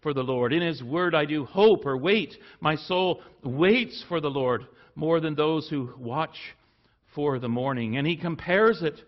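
A man preaching a sermon in an earnest way, rising for emphasis and then dropping low and soft. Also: measured pace, muffled recording.

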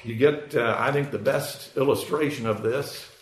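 A man preaching a sermon, explaining scripture in an unhurried way with frequent fillers. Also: medium pitch, a little hiss or hum. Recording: echoey room.

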